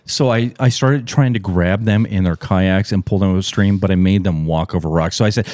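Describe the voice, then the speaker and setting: A middle-aged man hosting a podcast, telling a profane, animated story in casual chat. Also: moderate pace, hardly any pauses, a little hiss or hum. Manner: profane, animated storyteller, voice jumps high and loud when acting out shouts. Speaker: podcast host.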